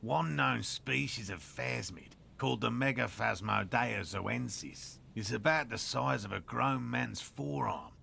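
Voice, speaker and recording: Gravelly, dry-witted cryptozoologist. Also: male voice, mid-range voice, measured pace, few pauses, bright, forceful tone, slight background noise, heavily acted. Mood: wry. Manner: dry, sarcastic, learned. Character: weathered middle-aged male cryptozoologist, dry and wry. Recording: game audio with music behind.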